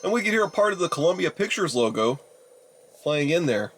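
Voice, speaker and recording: A young man in his twenties giving casual, rambling video commentary, exasperated and addressing his viewers as ladies and gentlemen. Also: a little high, big pitch swings, fairly quick, slight background noise. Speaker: YouTuber reviewing a DVD player.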